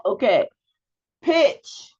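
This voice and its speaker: A woman's voice: very slow, a little mellow. A woman teaching a public speaking class over a video call, prompting students with questions and giving feedback. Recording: dull lo-fi video call audio.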